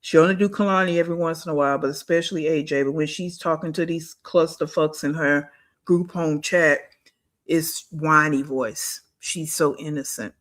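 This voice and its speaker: A woman's voice: deep voice, fairly even intonation, normal speed. A woman hosting a reaction channel, giving blunt, scornful, slangy commentary on a clip.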